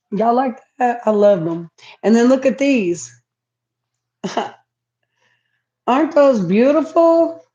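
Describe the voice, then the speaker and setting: A woman's voice: mid-range voice, dark tone, lo-fi sound. A woman chatting casually to viewers on a home livestream, reading comments aloud. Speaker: livestream host. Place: home, indoors.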